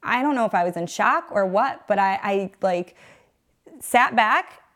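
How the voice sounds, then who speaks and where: A woman's voice: mid-range voice, animated, measured pace, a bit bright. A woman in her thirties, a mother, earnestly telling an emotional personal testimony in an interview. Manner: earnest, emotional storytelling, faith-focused. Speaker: guest, mother.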